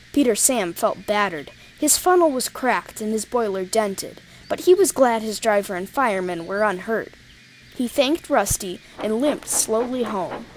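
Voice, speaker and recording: A woman narrating a children's storybook, expressive and voicing the characters. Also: a little high, a little hiss or hum.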